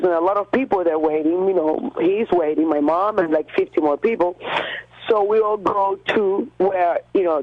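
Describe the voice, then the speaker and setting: A woman from Cuba, a radio guest, recounting an encounter in an animated, halting way with many restarts and fillers. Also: on the low side, narrow, tinny audio. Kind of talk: phone-in storytelling.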